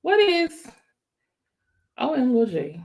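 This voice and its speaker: A woman doing casual live-stream commentary, excitable and talking straight to her viewers. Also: very slow. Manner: excitable, exclaiming to viewers, voice jumps higher when excited. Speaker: YouTube commentator.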